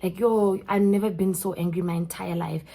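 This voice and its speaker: A young South African woman with a South African accent, telling a story in an animated way straight to her viewers. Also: lowish voice, brisk. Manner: animated, keeps addressing viewers as guys. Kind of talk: storytime vlog.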